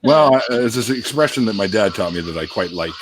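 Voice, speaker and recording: A man hosting a casual chat show, talking in a jokey, animated way and swearing freely. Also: on the low side, a little fast, noisy background. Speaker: podcast host.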